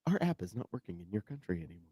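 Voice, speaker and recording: A man's voice: low voice, very animated, rapid-fire, dark tone, breathy edge, no room sound, clean studio sound. A man speaking as a guest on a radio show, chatting casually and laughing between his points. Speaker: guest panelist. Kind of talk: casual chat.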